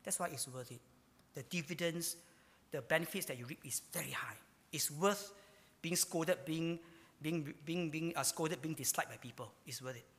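Male pastor, emphatic sermon delivery, voice a touch high, hall echo. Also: moderate pace. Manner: emphatic preaching, with sudden swings between loud and hushed. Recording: hall reverb.

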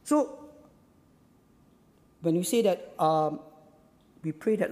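A man preaching a sermon as a pastor, emphatic, repeating his phrases and pausing on "uh" fillers. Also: high-pitched, expressive, darkish tone, long reverb tail.

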